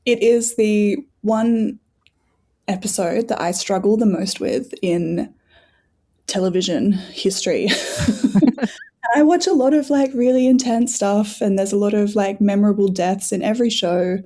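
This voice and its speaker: A woman's voice: medium pitch, a little slow. A woman guest on a podcast, telling stories with animation and frequent "like" fillers. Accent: non-American English. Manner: animated storyteller, laughs often, filler "like". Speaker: guest scholar. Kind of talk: casual conversational interview.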